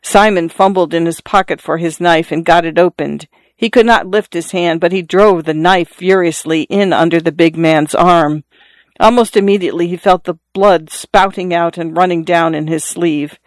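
Measured literary story reader. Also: medium pitch, steady tone, no echo. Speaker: narrator. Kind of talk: audiobook reading of a literary story.

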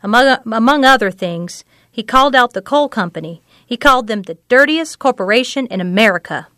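An actress voicing an earnest, measured woman who tells of a family's troubles. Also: fairly high pitch, lively intonation, fairly bright tone, dry recording, clean studio sound. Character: woman, an older local who runs a clinic.

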